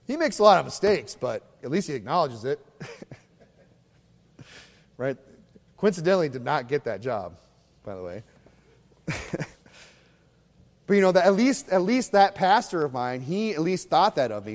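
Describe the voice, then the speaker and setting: A fiery male preacher with a slightly high voice, swinging from thunderous bursts to hushed, mocking asides. His sermon rings out with the long reverb of a church hall. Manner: fiery, mocking preacher who shifts between loud and hushed. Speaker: pastor.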